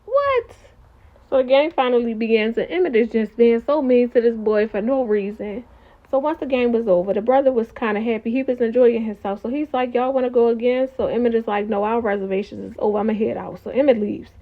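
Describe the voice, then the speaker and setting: A woman's voice: on the high side, fairly even intonation, quick pace. A woman giving a casual, opinionated recap of a TV episode and talking straight to her viewers. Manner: chatty, opinionated, talks to viewers as y'all. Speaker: TV recap reviewer. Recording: tinny phone-like audio.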